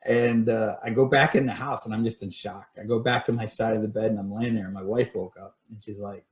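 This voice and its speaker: A man's voice: fairly low pitch, steady tone, fairly quick. A middle-aged man telling his paranormal stories casually on a live stream, rambling with many fillers and restarts. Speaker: paranormal investigator sharing stories.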